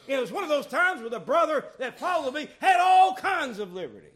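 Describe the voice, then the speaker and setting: A man preaching, his voice pitched high and swooping up and down in lively arcs. He goes from quiet confiding asides to loud, emphatic calls to his congregation. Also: normal speed, hardly any pauses. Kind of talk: sermon.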